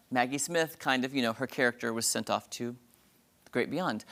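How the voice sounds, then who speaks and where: A man hosting an entertainment review segment on a morning TV show, talking in a gushing, dramatic, excited way. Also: medium pitch.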